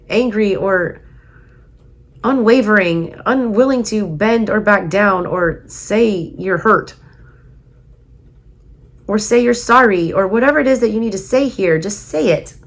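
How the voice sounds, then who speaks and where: A woman with a Southern US accent giving a casual tarot reading, emphatic and repeating her points, her voice going hoarse. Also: medium pitch, moderate pace. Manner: emphatic, repeats herself, urging viewers. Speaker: tarot reader.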